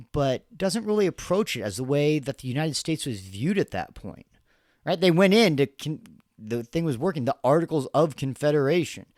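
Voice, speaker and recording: A man's voice: on the high side, darkish tone, no room sound, clean studio sound. A man in his thirties hosting a podcast, giving rambling, sarcastic political commentary with laughs and restarts. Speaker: podcast host.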